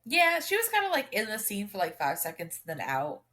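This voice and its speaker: A woman's voice: mid-range voice, huge pitch swings, moderate pace, bright, forceful tone. A young woman co-hosting a book podcast, speaking emphatically and getting indignant over characters. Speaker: podcast co-host. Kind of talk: casual book review chat.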